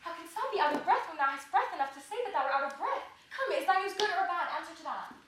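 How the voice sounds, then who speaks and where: Stage role: a young woman playing an eager lovestruck girl, high bright voice, echoey and distant. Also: fast talker, slight background noise. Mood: impatient. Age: young adult. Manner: swings from brooding to excited outbursts. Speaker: student actor. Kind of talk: stage acting. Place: theatre stage. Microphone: far camera. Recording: echoey stage, filmed from far off.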